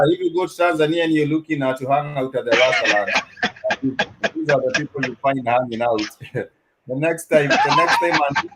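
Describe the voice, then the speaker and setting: A man giving casual news commentary, hesitant, with many fillers and restarts. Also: a little high. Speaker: co-host. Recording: clear background noise.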